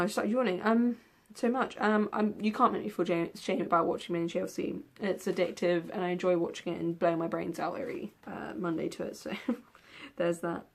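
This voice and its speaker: Answering tag questions in a casual vlog, this young book vlogger speaks a little fast in a fairly low, steady voice with vocal fry and hardly any pauses. Her talk is loose and rambling, padded with ums and occasional yawns.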